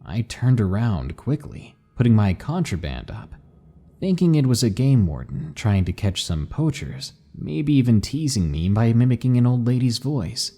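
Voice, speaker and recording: Man, horror story narration, lively pitch, dark mellow tone. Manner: measured, dramatic reading.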